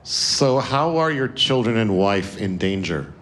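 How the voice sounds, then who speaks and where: A man's voice: lowish voice, sing-song, unhurried, a bit bright. A man playing a tabletop game, talking casually and thinking aloud. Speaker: player.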